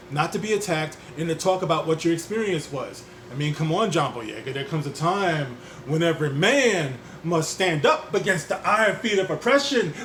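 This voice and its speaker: A man's voice: on the high side, slight background noise. A man hosting a commentary vlog, reading an article aloud and ranting at its subject as if addressing him directly. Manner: reads an article aloud and riffs on it. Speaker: YouTube commentator.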